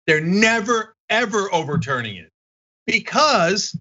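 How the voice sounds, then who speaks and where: A man's voice: sits high, big pitch swings, unhurried, pushed and bright, lo-fi sound. A man hosting a political commentary show, talking in a combative, mocking way.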